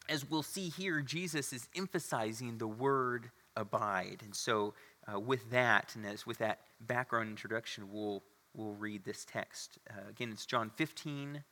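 A man's voice: mid-range voice, takes it slowly, pushed and bright. Man preaching in a reverberant hall. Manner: conversational preaching with fillers and restarts, reads scripture aloud. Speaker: pastor. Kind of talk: sermon. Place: church sanctuary. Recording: long reverb of a church hall.

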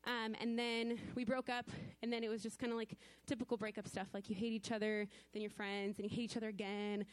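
A woman's voice: a little high, level tone, brisk, dry recording. A woman in her twenties speaking at church, sharing a personal testimony in a casual, emotional way, full of "like" fillers and nervous laughs.

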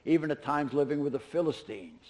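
A man's voice: fairly high pitch, expressive, fairly quick, a little mellow. A man preaching a sermon, retelling scripture in a casual, storytelling way with offhand asides. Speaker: pastor.

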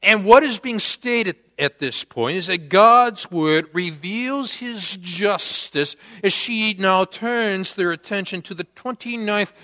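A man's voice: high-pitched, slow, hardly any pauses, bright, forceful tone. A man preaching a sermon, telling a story with dramatic acted quotes. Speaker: pastor. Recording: long church-hall reverb.

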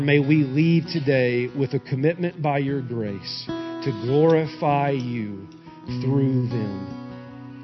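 A pastor preaching a sermon and closing in prayer, swinging from loud emphatic peaks to quiet asides. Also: male voice, mid-range voice. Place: church sanctuary. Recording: dull recording in a reverberant church hall.

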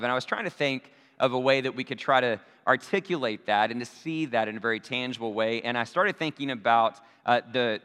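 Bright, clear-voiced male pastor preaching. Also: mid-range voice. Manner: chatty, checks in with the audience using tag questions. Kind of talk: conversational sermon. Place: church sanctuary. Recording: long reverb of a large hall.

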